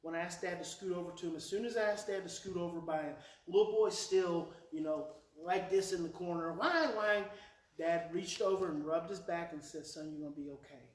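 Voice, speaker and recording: A man giving a live talk on parenting, telling a story with lively mimicry and repeating key phrases for effect. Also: high-pitched, a little fast, few pauses. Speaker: parenting speaker. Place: hall with a live audience. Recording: echoey hall, speaker heard from far off.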